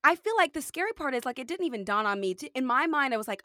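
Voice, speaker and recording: A woman's voice: high-pitched, lively intonation, fast talker, pushed and bright, dry recording, clean studio sound. A young adult woman hosting a podcast, chatting casually with lots of fillers and laughter. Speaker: podcast host. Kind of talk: casual conversation.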